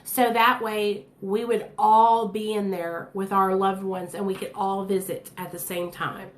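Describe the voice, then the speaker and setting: A woman's voice: mid-range voice, flat delivery, unhurried. A woman telling her own story to her viewers in a candid, blunt, chatty way. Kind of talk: casual storytelling to camera. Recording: echoey room.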